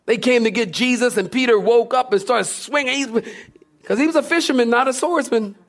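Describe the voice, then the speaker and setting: A male pastor preaching a sermon in a lively, playful way, acting out scenes. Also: extremely high pitch, fairly quick.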